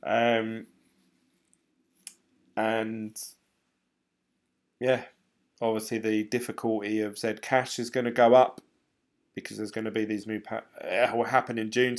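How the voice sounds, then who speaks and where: A man's voice: on the low side, level tone, measured pace, long pauses. A man chatting casually on a live stream, rambling and laughing often as he reads comments. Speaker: crypto vlogger reading live chat.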